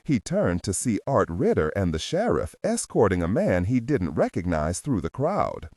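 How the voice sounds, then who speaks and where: Deep husky male audiobook narrator. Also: wildly swooping pitch, normal speed, darkish tone, dry recording, studio quality. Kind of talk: scripted narration.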